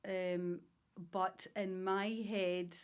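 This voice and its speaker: A woman's voice: on the low side, little pitch movement, extremely slow, clear, resonant tone. A Scottish woman in her fifties with an Ayrshire accent, a podcast guest telling stories about her past with enthusiasm. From Scotland. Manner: warm storytelling, enthusiastic. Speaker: guest, salon director. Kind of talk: casual interview chat.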